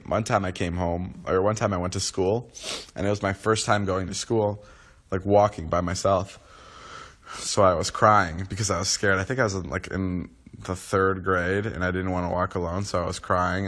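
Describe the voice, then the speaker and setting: A man's voice: fairly low pitch, a bit bright. A young man in his twenties on a casual livestream, just woken up, rambling with lots of restarts and fillers as he talks to viewers. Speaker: livestream host.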